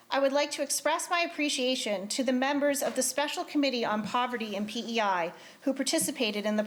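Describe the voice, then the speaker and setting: A woman presenting a committee report in a legislature, reading in a formal, earnest way. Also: on the high side. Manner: earnest, grows emotional. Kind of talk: formal legislative speech, read aloud. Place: legislative chamber.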